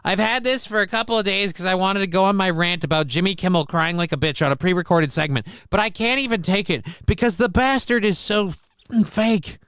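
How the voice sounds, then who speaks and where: A man hosts his own podcast and rants in anger, heavy with sarcasm and swearing. His voice sits high for a man and comes through clear and crisp. The room sounds dead dry, with no echo. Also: fairly quick, a bit bright. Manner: angry, profane, sarcastic ranting. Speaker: podcast host. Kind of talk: heated political rant.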